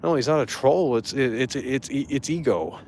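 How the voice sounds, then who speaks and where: A man's voice: mid-range voice, moderate pace, darkish tone, a little hiss or hum. Angry ranting man, swearing freely. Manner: mocking impressions in a raised voice. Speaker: streamer. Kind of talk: casual ranting monologue.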